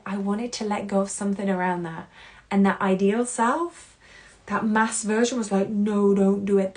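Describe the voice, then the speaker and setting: A woman hosting a solo podcast, talking in an earnest, heartfelt way that swings between loud and hushed. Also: medium pitch. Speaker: podcast host.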